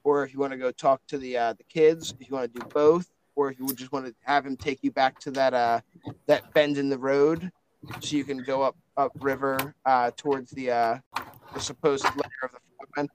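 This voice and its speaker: A man's voice: medium pitch, steady tone, fairly quick, slight background noise, rough recording. A man narrating a tabletop game as game master, casual and rambling with lots of fillers.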